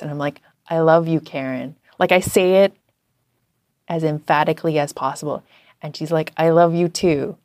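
A woman from Canada chats as a guest, telling lively anecdotes packed with casual fillers. Her voice sits low. The sound is close and dry, with no room around it. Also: dry recording. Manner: chatty, animated storytelling with many fillers. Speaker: guest, journalist. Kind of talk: casual interview chat.

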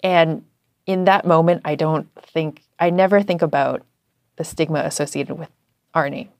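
A woman from Canada, a journalist, telling stories in a chatty, animated way with lots of fillers. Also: low voice, moderate pace, dry recording, clean studio sound. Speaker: guest, journalist. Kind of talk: casual interview chat.

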